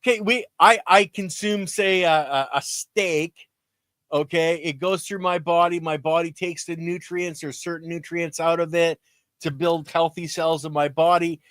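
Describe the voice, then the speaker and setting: A man's voice: a little high, fairly even intonation, normal speed, fairly bright tone, no echo, studio quality. A man co-hosting a gardening livestream, chatting casually and explaining things in plain everyday terms.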